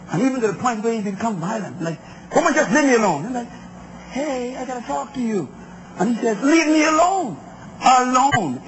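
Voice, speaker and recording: High-voiced emphatic preacher. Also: male voice, highs cut off, background noise. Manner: emphatic, call-and-response with the crowd. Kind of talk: sermon on relationships.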